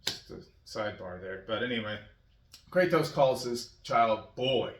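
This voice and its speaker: A man's voice: medium pitch, expressive, measured pace, a bit bright, echoey room, far from the mic. A middle-aged man rambling casually about fatherhood, filling his talk with "you know" and chuckling often. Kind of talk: casual monologue.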